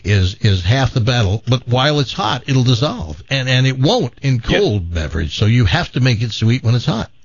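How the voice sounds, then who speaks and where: A man's voice: medium pitch, very animated, normal speed, few pauses, no echo, muffled recording. A man with a Southern American accent hosting a radio show, chatting and reading ads with jokey asides. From Tennessee. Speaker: radio host. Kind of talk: radio talk and live ad read.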